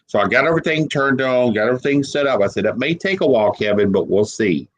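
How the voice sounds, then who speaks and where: A man as an interview guest telling a personal story, emotional and halting, repeating words as he holds back tears. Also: medium pitch, animated, poor audio. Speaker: guest paranormal investigator.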